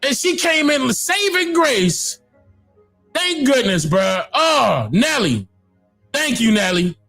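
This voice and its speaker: High-voiced man shouting his reactions. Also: sing-song, takes it slowly, soft background music. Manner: exclamatory, shouting, repeating himself. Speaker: reaction video host. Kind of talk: excited reaction commentary.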